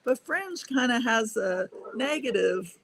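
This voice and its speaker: An older woman with a gravelly, rough-edged voice chats freely as a panel guest. She talks in a loose, rambling way and laughs easily between thoughts. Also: a little high, animated, takes it slowly. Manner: chatty, laughs often. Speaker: guest speaker. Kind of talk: casual panel chat.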